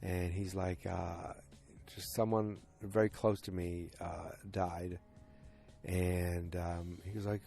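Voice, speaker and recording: Soft background music plays as a podcast host with a low, mellow voice and vocal fry speaks at a measured pace with little pitch movement. He recaps a TV episode casually and ramblingly, full of fillers and frequent self-corrections.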